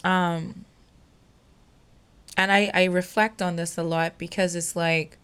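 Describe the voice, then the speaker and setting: A young woman host telling a personal story on her podcast, emotional and halting, with many fillers. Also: on the low side, little pitch movement, a bit bright, clear, resonant tone.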